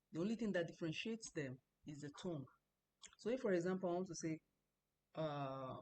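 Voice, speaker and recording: A woman teaching a language lesson, explaining patiently, repeating example sounds slowly and often restarting her sentences. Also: low voice, darkish tone, a little hiss or hum. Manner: frequent restarts and stammering. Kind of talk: recorded online lesson.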